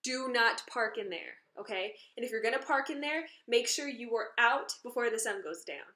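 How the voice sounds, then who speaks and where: A woman casually telling a story about something that happened to her, in an indignant, animated way. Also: fairly high pitch, moderate pace. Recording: roomy echo.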